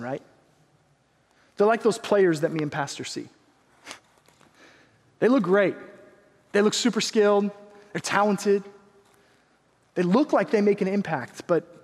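A young man preaching a sermon, telling a personal story in an earnest, animated way, with quick asides to the congregation. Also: high voice, long reverb tail. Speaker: pastor.

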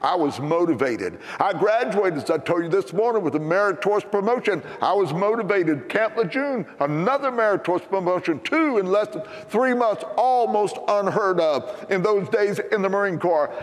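An older American man preaching a sermon in a church, telling a story with animated, emphatic punchlines. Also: high-pitched, normal speed, few pauses, big-room sound. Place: church sanctuary.

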